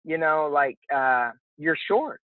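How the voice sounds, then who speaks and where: A man's voice: a little high, lively intonation, slow, dry recording. A man co-hosting a podcast in casual chat, playful and joking. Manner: playful, jokey, slips into mock voices. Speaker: podcast co-host. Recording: tinny phone-like line.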